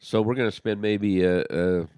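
Earnest deep-voiced man, halting. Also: steady tone, darkish tone, clean tone, no room sound. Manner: earnest, halting with many restarts. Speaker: podcast co-host. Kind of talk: casual religious discussion.

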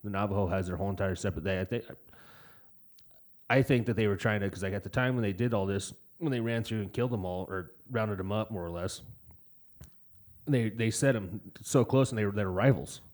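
A man's voice: lowish voice, fairly quick, darkish tone. A young man in casual podcast chat, cursing freely and rambling through stories. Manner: profane, rambling storyteller. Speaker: podcast co-host.

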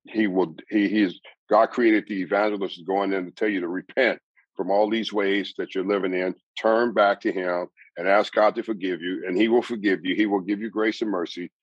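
A man's voice: sits low, fairly even intonation, moderate pace, no room sound, muffled recording. A man giving a personal faith testimony as an interview guest, telling his story earnestly, with repeats and restarts.

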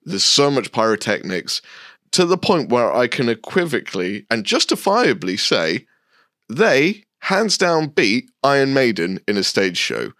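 A man's voice: mid-range voice, sing-song, unhurried, sharp tone, no room sound, clean studio sound. A man co-hosting a casual podcast, rambling enthusiastically and laughing often. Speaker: podcast co-host. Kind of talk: casual chat.

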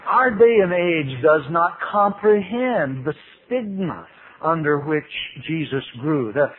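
A man teaching the Bible in a humorous sermon, telling stories with big leaps in pitch and acting out quotes in voices. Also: animated, takes it slowly, breathy edge. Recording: tinny radio broadcast with faint hiss.

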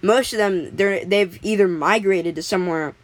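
A woman's voice: medium pitch, moderate pace, dry recording, low-quality recording. A woman casually making up a story as she goes, rambling with lots of fillers and restarts.

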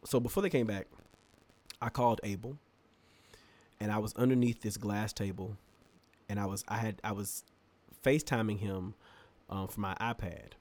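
A man's voice: fairly low pitch, normal speed, long pauses. A man co-hosting a podcast, telling a long funny story in casual chat, laughing often and acting out what people said. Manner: animated storyteller, laughs often, acts out quotes. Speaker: podcast co-host.

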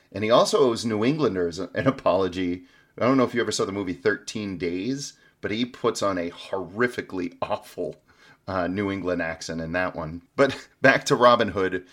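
A man's voice: sits low, expressive, normal speed, a bit bright. A man co-hosting a podcast who gives sarcastic, joking movie commentary and chuckles at his own jokes. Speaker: podcast co-host. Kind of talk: casual movie-review chat.

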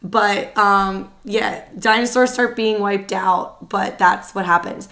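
Wanita podcaster yang suaranya lelah dan serak. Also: female voice, medium pitch, gravelly. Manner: chatty, excitable, quick asides. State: tired, worn voice. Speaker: podcast co-host. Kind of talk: casual podcast chat.

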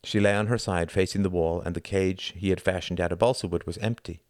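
Man narrating an audiobook, very low voice, bone-dry close recording, measured. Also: fairly even intonation, darkish tone, no echo. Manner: measured and deliberate. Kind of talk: scripted narration.

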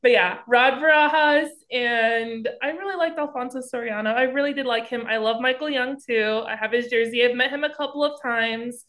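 A woman co-hosting a sports podcast, telling a rambling, excitable story full of "like" and fillers. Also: fairly high pitch, moderate pace, hardly any pauses. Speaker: podcast co-host. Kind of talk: casual sports chat.

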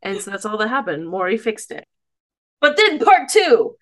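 Bright, slightly high woman recapping an episode casually, giggly and rambling. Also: big pitch swings, moderate pace. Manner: rambling, giggly, loses her place. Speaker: podcast co-host.

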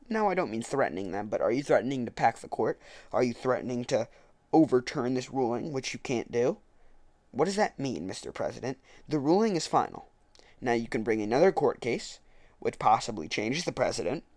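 A man's voice: medium pitch, darkish tone, dry recording. A man commenting on a political speech, arguing point by point and correcting his own slips. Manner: argumentative, self-correcting. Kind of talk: reading a speech aloud and commenting on it.

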